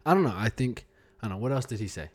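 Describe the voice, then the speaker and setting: A man's voice: mid-range voice, expressive, rapid-fire. A man co-hosting a casual podcast chat, giving his opinions freely and laughing often. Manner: opinionated, laughs often, acts out quoted voices. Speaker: podcast co-host.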